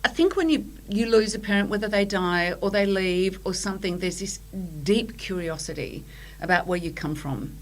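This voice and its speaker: A middle-aged Australian woman with an Australian accent, guest on a podcast, telling her story in animated casual chat and acting out quotes. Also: medium pitch, normal speed, few pauses, poor audio.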